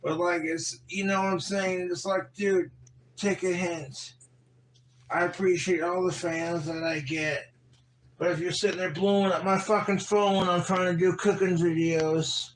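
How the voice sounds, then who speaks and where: A man's voice: high voice, little pitch movement, measured pace, distant mic, a little hiss or hum, poor audio. A man ranting on a livestream, exasperated and swearing constantly. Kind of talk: casual livestream rant.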